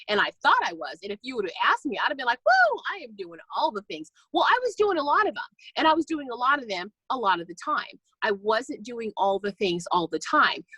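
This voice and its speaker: A woman on a team call, telling a personal faith story in a chatty, animated way and acting out the voices in her anecdotes. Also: mid-range voice, no echo, low-quality recording. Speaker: guest speaker on a team call. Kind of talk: personal testimony, casual storytelling. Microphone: call recording.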